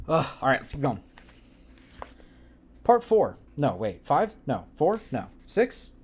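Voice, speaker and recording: A man reads a gothic story aloud on a live stream in a casual, animated way. His pitch sits somewhat high and jumps around a lot. He keeps breaking off to joke around between passages. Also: takes it slowly, slightly rough. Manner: animated, joking asides.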